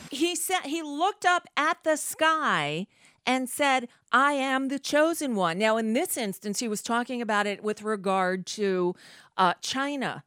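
A woman's voice: a little high, expressive, measured pace, a bit bright, clean tone, dry recording, clean studio sound. A woman hosting casual political commentary, sarcastic and rambling with many fillers.

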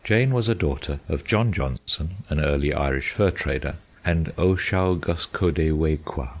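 Man, audiobook reader, very deep voice, measured careful narration. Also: muffled recording.

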